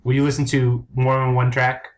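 A man's voice: medium pitch, monotone, moderate pace. A man co-hosting a podcast in casual chat, blunt and teasing, swearing freely. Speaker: podcast co-host.

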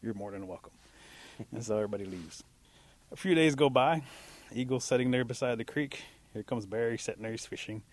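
A male storyteller tells an animal folk tale in a relaxed, chatty manner, his voice sitting at an ordinary middle pitch. He keeps it lively and easy, like talking to a friend. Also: a little fast, no room sound.

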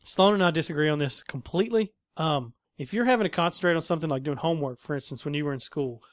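A man's voice: fairly high pitch, dry recording, clean studio sound. A man co-hosting a podcast, chatting casually, joking and cursing as he reads through a list. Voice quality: quick, joking, swears casually. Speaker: podcast co-host. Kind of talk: casual chat.

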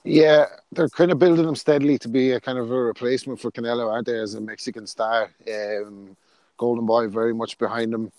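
A man's voice: mid-range voice, steady tone, brisk, darkish tone, no room sound. A man from Ireland co-hosting a podcast, speaking in easygoing casual chat with frequent fillers. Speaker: podcast co-host.

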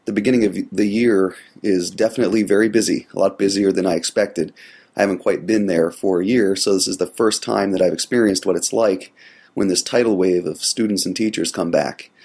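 Man, podcast host, has a cold, gravelly, very deep, husky, rambling, casual. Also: fairly quick. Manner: relaxed, rambling, with frequent "uh" fillers. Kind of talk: casual solo podcast monologue.

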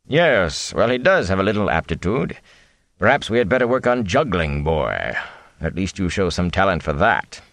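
A man's voice: sits low, very animated, moderate pace, fairly bright tone, no echo, full character voice. A man voicing a wry, sardonic old traveling minstrel who speaks in a dry, mocking drawl.

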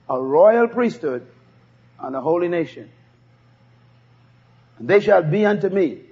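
A high-pitched man with a darkish, breathy voice preaches with emphasis, leading the congregation through repeated call-and-response phrases. The sermon tape is dull and lo-fi.

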